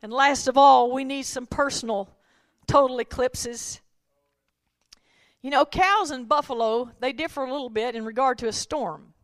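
A woman preacher delivering a sermon who swings between folksy storytelling and shouted, rhythmic climaxes. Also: sits high, steady tone, moderate pace, dry recording.

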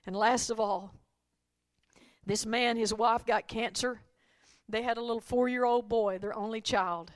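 A woman preacher delivering a sermon who swings between folksy storytelling and shouted, rhythmic climaxes. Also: on the high side, steady tone, a little slow, no echo.

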